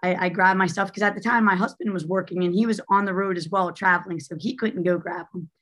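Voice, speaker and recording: A woman's voice: on the low side, steady tone, fast, fairly bright tone. A woman telling a personal story as an interview guest, candid and chatty with lots of fillers. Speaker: guest, former basketball coach.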